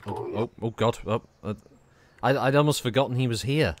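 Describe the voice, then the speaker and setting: A man's voice: mid-range voice, brisk, dry recording. A man streaming a video game, chatting casually with friends, joking and laughing often. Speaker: gaming streamer. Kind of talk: casual chat while gaming.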